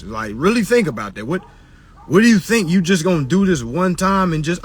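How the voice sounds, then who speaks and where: A man's voice: high voice, sing-song, a little fast, breathy edge. A man lecturing his live-stream followers in casual, preachy talk, repeating his points and mocking people in put-on voices. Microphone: phone on a live stream.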